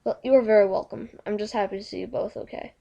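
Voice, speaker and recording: A woman's voice: medium pitch, fairly even intonation, quick pace, gravelly, mellow, dull audio. A woman reading aloud and voicing a bookish, easily exasperated female pony librarian with a prim manner. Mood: warm.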